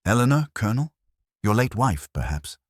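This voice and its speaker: A man voicing a fastidious older male detective who speaks in a precise, measured way. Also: lowish voice, big pitch swings, no echo, clean studio sound, pitched above the performer's own voice. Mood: probing.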